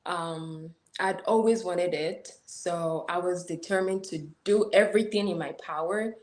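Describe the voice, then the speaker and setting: A woman from Nigeria with a Nigerian accent blended with American tones, telling her story as an interview guest in an animated way. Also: lowish voice, a little slow, echoey room. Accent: Nigerian with American influence. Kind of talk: casual interview.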